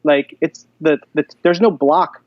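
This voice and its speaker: Man, podcast guest, chatty animated storyteller, slightly high voice, dull dry audio. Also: measured pace, dry recording. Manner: animated storyteller, many fillers. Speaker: guest, jiu-jitsu black belt instructor. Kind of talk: casual podcast interview.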